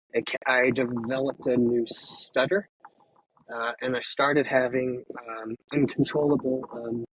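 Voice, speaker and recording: A man in his fifties, a retired firefighter, speaking candidly and emotionally in an interview, with halting pauses and restarts over a video call. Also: medium pitch, husky, lo-fi sound.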